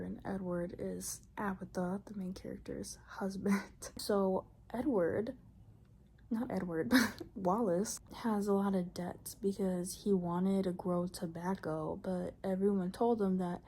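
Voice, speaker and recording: A young woman vlogger casually recapping a novel in a chatty, exasperated, animated way. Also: lowish voice. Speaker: book vlogger.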